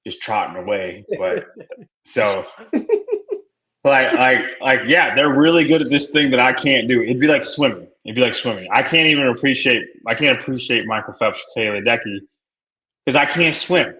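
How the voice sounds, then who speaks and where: Rambling man with a bright, echoey voice. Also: medium pitch, normal speed. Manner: rambling, lots of "like" fillers. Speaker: podcast co-host. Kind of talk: casual chat.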